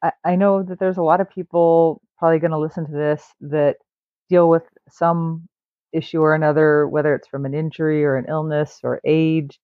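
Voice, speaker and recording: A man's voice: on the high side, little pitch movement, moderate pace, dry recording. A male host asking long, winding, thoughtful questions in an interview. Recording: dry tinny phone-like line.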